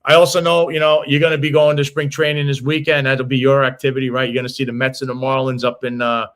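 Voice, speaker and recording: A man's voice: mid-range voice, flat delivery, fast talker, a bit bright. A man with a New York accent hosting a casual political talk show, blunt and combative, tossing off insults. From New York City. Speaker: host.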